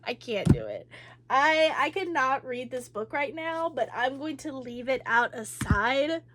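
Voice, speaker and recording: High-pitched woman rambling about her books, lots of ums and likes, gets emotional. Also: measured pace, bright, forceful tone. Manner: chatty and rambling, with many fillers and restarts; emotional, with sighs and laughs. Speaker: book vlogger. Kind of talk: casual chat about books.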